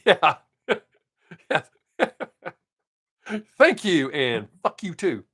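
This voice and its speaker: A man's voice: fairly high pitch, very animated, extremely slow, a bit bright, breathy edge. A middle-aged man hosting his live stream, telling everyday stories in a casual, blunt way with swearing and frequent chuckles. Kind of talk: casual storytelling chat.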